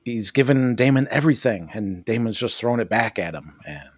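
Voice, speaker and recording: A man's voice: medium pitch, lively intonation, brisk, dry recording, clean studio sound. A man co-hosting a podcast, recapping a TV episode in casual chat, swearing and laughing often. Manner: profane, jokey, laughs often. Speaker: podcast co-host.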